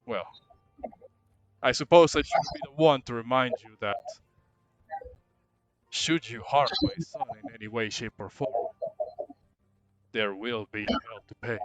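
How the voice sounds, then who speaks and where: A man voicing a stern, protective older male ruler who speaks in cold, measured warnings. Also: mid-range voice, fairly bright tone, no echo, close to an everyday voice. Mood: threatening.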